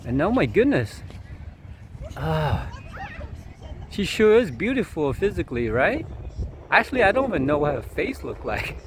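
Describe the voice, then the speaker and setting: A man's voice: a little high, slight background noise. A man telling a long, meandering personal story outdoors as a vlogger, chuckling now and then and leaning on fillers. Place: outdoors at sunset.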